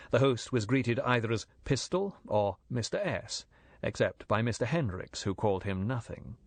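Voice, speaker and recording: Male narrator, low and dry, measured thriller read. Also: no echo. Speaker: audiobook narrator. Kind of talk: scripted narration.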